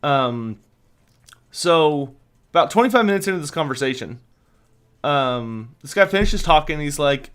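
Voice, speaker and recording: A man's voice: fairly high pitch, measured pace, pauses often, smooth. A young man hosting a casual livestream, telling a long rambling story full of fillers and restarts. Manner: rambling storyteller, many fillers, animated retelling. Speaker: livestream host.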